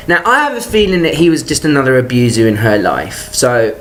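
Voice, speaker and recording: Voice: medium pitch, lively intonation, fairly quick, few pauses, a little hiss or hum. A vlogger telling a personal grievance in an exasperated, profane rant, talking in stop-start bursts and restarts. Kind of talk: ranting personal vlog.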